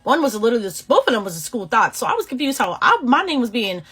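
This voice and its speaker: A young woman from Boston tells a story in a casual vlog, full of sass and slang. Her voice is fairly high and she keeps it lively and animated. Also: fast, slightly rough. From Boston, USA. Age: 20s. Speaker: beauty vlogger.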